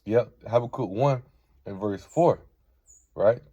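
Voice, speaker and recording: A man's voice: on the low side, takes it slowly, dark tone, husky, no echo, dull audio. A man giving an informal scripture lesson, reading verses aloud and checking in with "right?" after most points. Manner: peppers talk with "right?", reads verses aloud. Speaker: Bible teacher.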